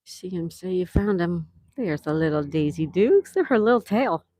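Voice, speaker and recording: A woman's voice: lowish voice, animated, moderate pace, dark tone, dry recording. A woman hosting a casual livestream outdoors, chatty and affectionate, reading viewer comments aloud. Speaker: livestream host.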